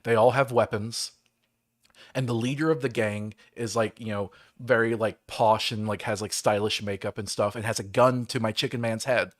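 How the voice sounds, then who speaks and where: A man's voice: on the low side, steady tone, normal speed. A man hosting a livestream, rambling through a game story in casual chat with lots of fillers. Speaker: livestream host.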